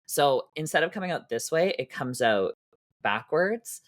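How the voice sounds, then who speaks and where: A man's voice: a little high, lively intonation, a little slow, no echo, studio quality. A man from Canada who performs in drag, guesting on a podcast and telling stories in a camp, theatrical way with self-mocking boasts. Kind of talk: casual podcast chat, storytelling.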